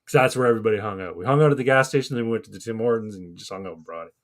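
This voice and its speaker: A man's voice: fairly low pitch, rapid-fire. Profane rambling podcast storyteller, a man. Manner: rambling and profane, acts out quoted voices. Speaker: podcast co-host. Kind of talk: casual storytelling chat.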